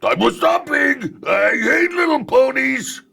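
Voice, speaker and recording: A grumpy yak prince bellows in petulant fury. His voice is slow, very high and very loud. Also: expressive, vocal fry, heavily acted. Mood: furious.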